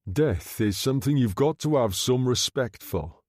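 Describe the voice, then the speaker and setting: A man doing a soft-spoken menacing gangster. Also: lively intonation, normal speed, dry recording, clean studio sound, close to an everyday voice. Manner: soft, low, quietly threatening. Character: menacing smooth-talking gangster undertaker man.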